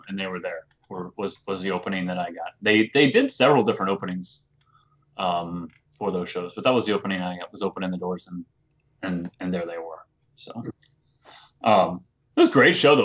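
A man chatting easily on a podcast, full of ums, his voice often trailing off quietly. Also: fairly low pitch, dull audio. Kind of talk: casual chat, anecdote.

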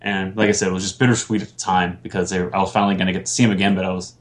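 A man's voice: sits low, flat delivery, very fast. A man hosting a casual podcast chat, rambling with lots of fillers and restarts. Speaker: podcast host.

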